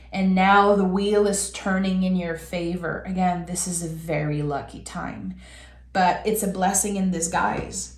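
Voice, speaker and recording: A woman giving a tarot reading, talking earnestly and warmly straight to the viewer. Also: medium pitch. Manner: earnest, heartfelt, addresses viewer directly. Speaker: tarot reader. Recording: roomy echo.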